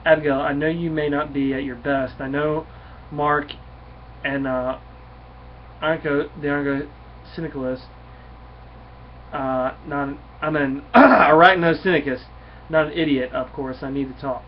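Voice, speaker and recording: A man reading out the lines of a commanding male armored hero giving brisk orders, on a dull lo-fi recording. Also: fairly high pitch, steady tone, slight background noise, lightly acted.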